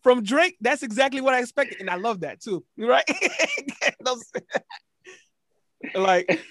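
Bright, high-voiced young co-host, jokey and animated. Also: male voice, slow pace, dry recording, studio quality. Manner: joking, laughs, stammers at starts. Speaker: podcast co-host. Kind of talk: casual chat.

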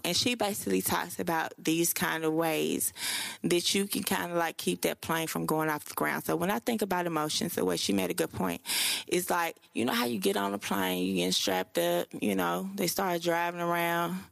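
A woman's voice: fairly low pitch, fairly even intonation, normal speed, gravelly, no echo, clean studio sound. A young woman hosting her own podcast in loose, profane, chatty talk full of slang and fillers. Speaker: podcast host. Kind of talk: casual solo podcast talk.

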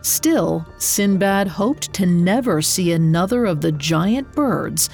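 A woman reading a scripted story in a measured, expressive narrating voice. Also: fairly low pitch, creaky, soft background music.

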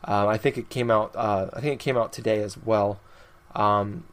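A man's voice: fairly low pitch, fairly even intonation, moderate pace, a bit bright. Laid-back young man hosting a podcast. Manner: rambling, laughs often, lists notes. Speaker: podcast host. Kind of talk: casual gaming podcast chat.

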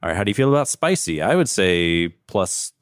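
Deep-voiced man hosting casual chat. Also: fairly quick, clear, resonant tone, no room sound, clean studio sound. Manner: relaxed, joking, rating whiskey aloud. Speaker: podcast co-host.

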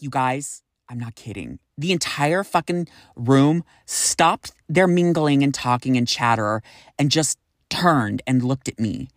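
A young man telling a candid personal story to his viewers, animated and swearing freely. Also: medium pitch, dry recording, clean studio sound. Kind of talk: storytime vlog.

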